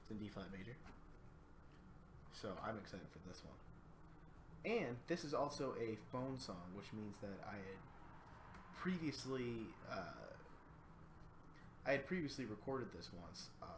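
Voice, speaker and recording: A man's voice: lowish voice, sing-song, measured pace, pauses often. Sleepy man musing on a livestream. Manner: thinking aloud, musing. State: sleepy, yawning. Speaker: streamer composing music. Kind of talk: casual livestream chat. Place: apartment. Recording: echoey room, faint background noise.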